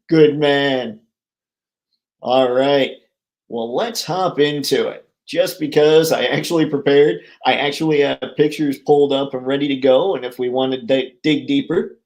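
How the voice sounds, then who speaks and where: A man's voice: mid-range voice, a little mellow. A man hosting a live stream about toy collecting, talking casually with viewers in an upbeat, jokey way.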